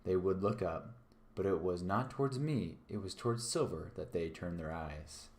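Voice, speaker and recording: A man, a teacher, reading a novel aloud live, pausing now and then to correct himself. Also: low voice, darkish tone. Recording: echoey room.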